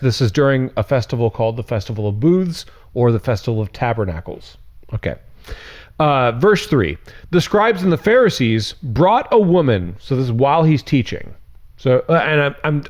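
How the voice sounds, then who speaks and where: A man's voice: mid-range voice, lively intonation, normal speed, darkish tone. A man preaching as a pastor in a casual, conversational sermon. He reads scripture, adds frank, sarcastic asides and laughs often. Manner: frank and irreverent.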